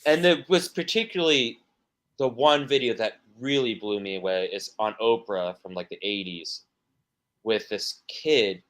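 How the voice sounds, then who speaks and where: Slow, rambling male musician guest. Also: fairly low pitch, a bit bright. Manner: rambling, many restarts and fillers. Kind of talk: casual podcast interview.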